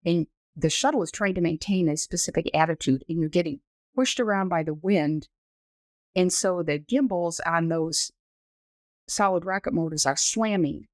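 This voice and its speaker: Measured woman in her sixties explaining. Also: on the low side, no room sound. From United States. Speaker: former astronaut, podcast guest. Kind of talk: conversational storytelling interview.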